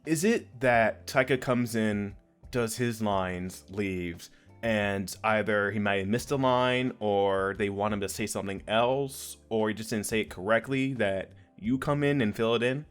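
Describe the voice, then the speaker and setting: A man's voice: lowish voice, measured pace, smooth, soft background music. A man hosting a podcast, chatting in a playful, joking way and laughing often. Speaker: podcast host. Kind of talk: casual podcast chat.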